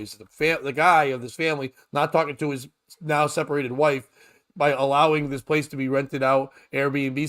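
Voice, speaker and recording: A man's voice: medium pitch, fairly bright tone. A man hosting a casual comedy talk show, rambling and profane as he jokes his way through news stories. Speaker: podcast host.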